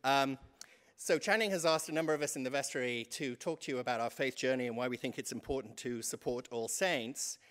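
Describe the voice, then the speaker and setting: A man's voice: mid-range voice, fairly quick, fairly bright tone, clear, resonant tone. A man in his fifties with an English accent, giving a humorous stewardship talk to a church congregation as a vestry member, self-deprecating and chatty. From England.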